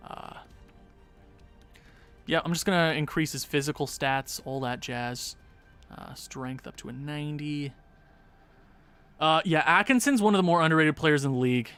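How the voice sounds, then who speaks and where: A young man talks through a casual gaming livestream from his home setup. His voice is bright and sits a bit high, and he chats in loose, rambling asides to viewers while faint music plays underneath. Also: moderate pace, pauses often, smooth.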